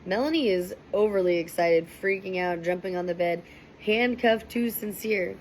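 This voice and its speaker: A young woman casually recapping and reacting to a TV episode, chatty and animated, with a faint hiss behind her. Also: medium pitch, normal speed, poor audio. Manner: chatty, animated, quotes people in raised voices. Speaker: reaction commentator.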